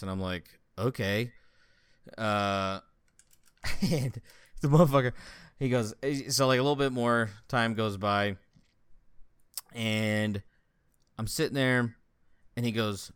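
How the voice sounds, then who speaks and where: A man's voice: lowish voice, measured pace, pauses often, smooth, no room sound, clean studio sound. A man telling stories in a casual, profane chat with a friend, often laughing. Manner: profane, laughing, animated storytelling. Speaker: friend chatting.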